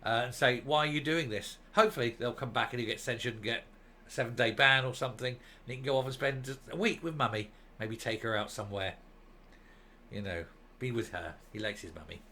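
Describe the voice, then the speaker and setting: A man's voice: medium pitch, brisk, bright, forceful tone, slight background noise. An older man hosting a ranting opinion monologue, scornful and mocking, rambling with fillers. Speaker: political commentary host.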